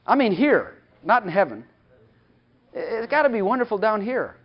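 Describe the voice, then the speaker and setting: A man's voice: sits high, sing-song, moderate pace. A man preaching a sermon, emphatic and full of rhetorical questions, at times speaking in God's voice. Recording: dull lo-fi recording.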